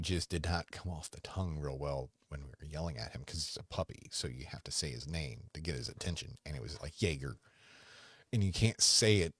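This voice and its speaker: A man hosting a casual livestream from home into a desk microphone, rambling and halting, often talking fondly to his dog. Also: rumbling low, dry recording, studio quality. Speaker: podcast host.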